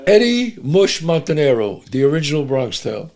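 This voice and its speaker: Animated older man with a New York accent. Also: a little high, fairly quick. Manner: animated, swearing, acts out characters' lines. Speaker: guest. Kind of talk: casual storytelling chat.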